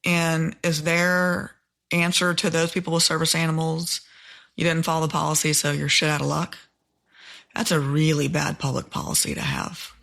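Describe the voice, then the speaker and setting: Chatty woman podcast host, gravelly voice. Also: low voice, little pitch movement, moderate pace, fairly bright tone. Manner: candid, chatty, self-deprecating. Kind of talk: unscripted solo podcast monologue.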